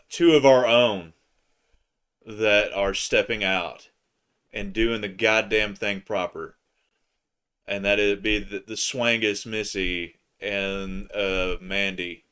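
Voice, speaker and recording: A man co-hosting a casual live stream, excitable and playful, with loud joking bursts. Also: lowish voice, smooth.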